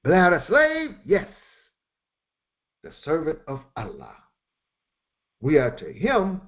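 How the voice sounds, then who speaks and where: Slow, lively-pitched man teaching scripture. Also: lo-fi sound. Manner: repeats phrases for emphasis, halting restarts. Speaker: religious teacher. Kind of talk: Quran commentary lesson.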